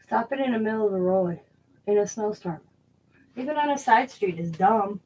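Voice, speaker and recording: A woman's voice: mid-range voice, lively intonation, normal speed, darkish tone, rough recording. A middle-aged woman hosting a crafting video, chatting casually as she works and laughing often while she tells stories. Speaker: crafting channel host.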